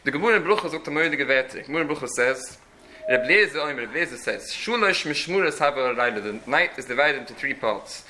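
A man's voice: mid-range voice, expressive, quick pace, noisy background. A man teaching a religious lecture in an earnest, explanatory way, often restarting his phrases. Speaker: Torah teacher.

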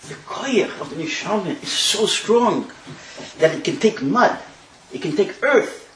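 A man teaching a Talmud class, telling the story in an animated way and mixing in Hebrew terms. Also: sits high, unhurried, a little hiss or hum. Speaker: Torah teacher. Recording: echoey room.

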